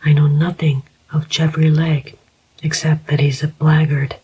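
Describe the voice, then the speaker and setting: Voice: medium pitch, little pitch movement, unhurried, a little mellow, a little hiss or hum, lightly acted, rough recording. A narrator whispering the part of a firm, principled older man who is a father, as whispered role-play. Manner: firm, emphatic.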